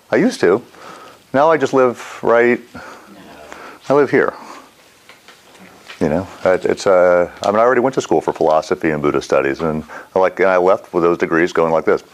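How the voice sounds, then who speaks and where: A middle-aged man teaching a mindfulness class in a casual, rambling way, often quizzing his students. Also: deep voice. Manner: rambling, animated, asks the class questions.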